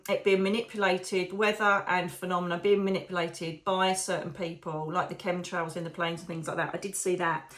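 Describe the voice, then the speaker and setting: A woman from the UK hosting her psychic medium show, chatting warmly to viewers, digressing often and calling them darling. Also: mid-range voice. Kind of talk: casual chat to viewers.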